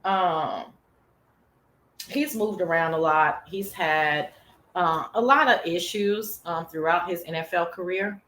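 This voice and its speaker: A woman's voice: fairly low pitch, takes it slowly, echoey room, slight background noise. A woman hosting a casual livestream chat show, sassy and profane, talking straight to her viewers. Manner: sassy, profane, animated, chatty. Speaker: talk show host.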